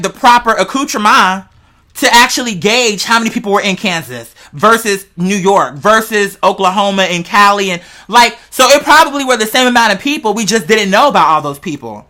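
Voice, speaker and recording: A podcast host with a bright, forceful, slightly tense voice rambles through speculative theories in casual chat. The talk is slangy and profane, animated, and speaks straight to the listeners. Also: medium pitch.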